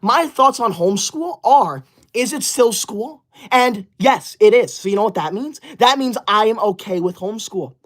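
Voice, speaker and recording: Male streamer, comedic skit, prim and indignant, quick to snap and ban. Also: sits high, lively intonation, a bit bright. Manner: indignant, bossy, snaps at viewers and bans them; prim praise for good students. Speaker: livestreamer reading super chats.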